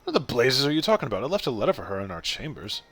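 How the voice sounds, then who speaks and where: A man voicing an earnest middle-aged male game character, a would-be mayor, speaking in a measured, formal, modest way with a faint put-on Scottish lilt. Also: mid-range voice, big pitch swings, fairly bright tone, husky, pitched above the performer's own voice, exaggerated voice.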